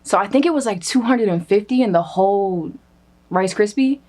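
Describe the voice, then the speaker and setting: A young woman telling a comedic personal story in a casual, animated way, cursing freely and acting out what others said. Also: mid-range voice, moderate pace. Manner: animated, profane, acts out quoted voices. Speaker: storyteller guest.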